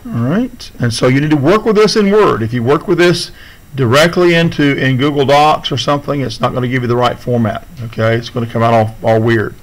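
A male teacher talks his students through a chemistry assignment on screen. His voice sits at a middle pitch. He keeps it casual and keeps checking that they follow along. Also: a little fast, rough recording. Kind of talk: classroom video lesson.

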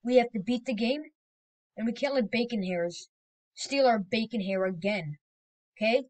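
A woman giving casual gameplay commentary as a video creator, rambling and excitable, with sudden loud exclamations. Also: on the high side, normal speed, poor audio.

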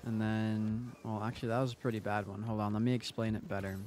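A man's voice: on the low side, level tone, fast talker, few pauses, a little mellow, slight background noise. A young man streaming a game who chats casually with viewers, teasing and joking between plays. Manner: joking, teasing, chatty asides to chat while playing.

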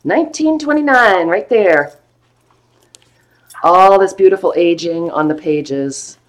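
A woman with a fairly low voice hosts a live online sale of old books. She chats playfully and gushes over the paper and maps. Her talk is loose and easygoing. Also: slow pace. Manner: gushing, playful, chatty about old books. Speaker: host selling vintage books on a live stream. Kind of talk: casual live sale chat.

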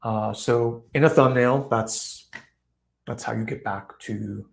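A man's voice: medium pitch, slow pace, creaky. Easygoing man musing on a folk tale. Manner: relaxed, frequent fillers, acts out quoted voices with laughs. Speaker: host. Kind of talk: reflective talk on a folk tale. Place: online live session.

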